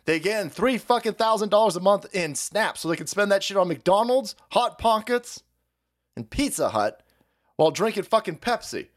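A man's voice: high-pitched, expressive, moderate pace. A man hosting a livestream, ranting in a profane, mocking way and laughing often. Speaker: streamer host.

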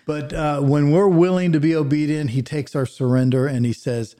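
A man, a pastor and podcast co-host, teaching a Bible passage verse by verse in an earnest preaching manner that drops to a hush on solemn points. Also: on the high side, fairly even intonation, normal speed, hardly any pauses.

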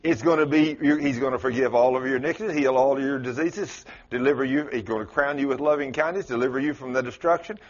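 This mid-range male voice moves quickly with few pauses through a folksy, storytelling sermon. Southern expressions and acted-out quotes fill his preaching, heard before a congregation in a church sanctuary on dull lo-fi audio.

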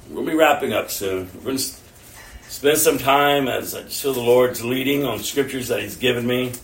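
A man's voice: mid-range voice, gravelly. A man preaching a sermon, telling stories and acting out his own prayers and other people's words. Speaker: pastor. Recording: echoey room, mic at a distance.

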